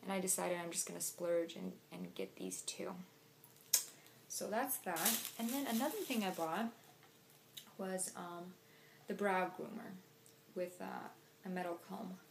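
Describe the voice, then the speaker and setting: A woman's voice: fairly low pitch, very animated, a little slow, vocal fry, long pauses, slight background noise. A young woman chatting casually through a shopping haul, talking to camera with lots of "like" and "um". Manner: chatty, filler-heavy. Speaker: vlogger.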